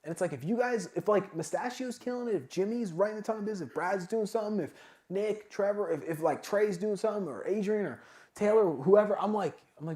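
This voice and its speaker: A man giving a casual, energetic motivational talk at a sales summit, full of filler words like "like" and "man". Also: on the high side, fairly quick. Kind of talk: motivational talk to a live audience. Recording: echoey event room.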